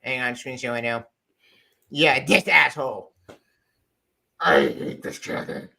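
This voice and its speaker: Lively, bright-voiced man ranting about comics. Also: medium pitch, a little slow, gravelly, a little hiss or hum. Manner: blunt, scornful, animated complaints. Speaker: podcast co-host. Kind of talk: casual comic book discussion.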